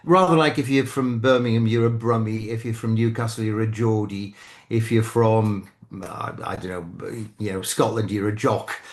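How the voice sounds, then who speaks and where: This older man from England, a guest commentator with a British accent, keeps a steady tone in a lowish voice during casual chat. His speech is halting, full of restarts and self-corrections.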